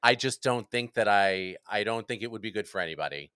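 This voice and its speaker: Guy chatting on a podcast, kinda low voice, dry studio sound, tells stories with lots of voices. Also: fairly quick, smooth, no room sound. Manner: animated storyteller, acts out quotes. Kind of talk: casual podcast chat.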